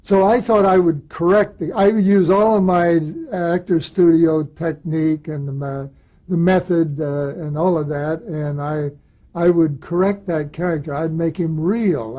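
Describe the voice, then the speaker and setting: A man's voice: fairly high pitch, lo-fi sound. A man in an interview telling an anecdote about an audition, acting out what people said. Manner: lively storyteller who acts out quotes. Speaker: actor recalling an audition.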